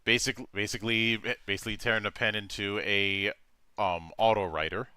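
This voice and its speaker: A man hosts a casual tabletop game stream and reads through rules entries. His voice is bright and a little low, and he talks haltingly, restarting often. The sound is close and dry. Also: steady tone, smooth, no echo. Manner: halting, many fillers and restarts. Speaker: game master.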